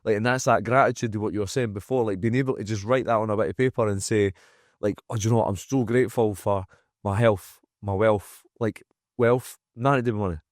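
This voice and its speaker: A man's voice: lowish voice, steady tone, fast, no room sound. A man with a Scottish accent, a gym owner speaking as a podcast guest, frank and emphatic, swearing freely and acting out what people say. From Scotland. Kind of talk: candid podcast conversation. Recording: dry close-miked studio sound.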